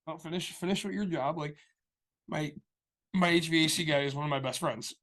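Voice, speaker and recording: A man's voice: a little high, fairly quick, a bit bright. A man co-hosting a podcast, rambling through a story in casual chat and acting out the people he quotes. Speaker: podcast co-host.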